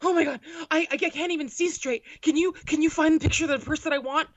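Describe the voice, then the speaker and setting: A woman's voice: high voice, expressive, fast, highs cut off, voice pushed up. A woman voicing her frightened middle-aged mother, fretting breathlessly in a raised voice. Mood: panicked.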